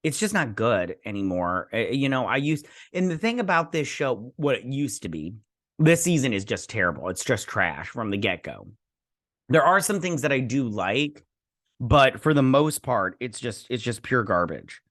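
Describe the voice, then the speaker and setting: A man in his young adult years talks through a TV episode breakdown in a loose, rambling way, stumbling over fillers and restarts as his frustration shows. His voice sits at an ordinary middle pitch for a man. The recording is dry, with almost no room sound around him. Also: sing-song, normal speed, fairly bright tone, dry recording. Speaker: TV review channel host. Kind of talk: casual rambling episode review.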